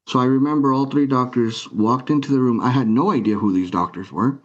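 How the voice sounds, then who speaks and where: A man's voice: medium pitch, brisk, lo-fi sound. A man telling his personal story as an interview guest, earnest and emotional, acting out dialogue.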